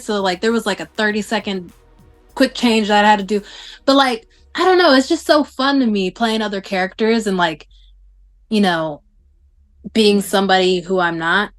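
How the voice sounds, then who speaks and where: A young woman from the Bay Area, a game show contestant chatting casually as a guest, talking fast with lots of "like" fillers. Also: mid-range voice, soft background music. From San Francisco Bay Area. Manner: fast, animated talk full of "like" fillers. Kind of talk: casual chat.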